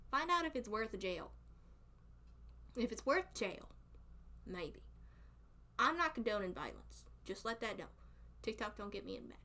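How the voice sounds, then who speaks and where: A woman's voice: medium pitch, animated, moderate pace, pauses often, sharp tone. A young woman with a Southern US accent chatting casually on a live stream, rambling and laughing often. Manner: giggly, rambling, frequent laughter. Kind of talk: casual chat.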